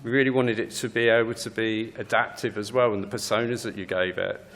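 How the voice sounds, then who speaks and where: Low-voiced man giving a conference talk. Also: fairly even intonation, fairly quick, a bit bright. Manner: casual, hesitant, with many fillers. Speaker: game developer presenter.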